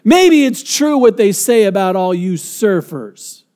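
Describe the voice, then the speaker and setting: A preacher voicing an exasperated wife who scolds her husband in a shrill, nagging voice. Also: flat delivery, normal speed, darkish tone. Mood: scolding.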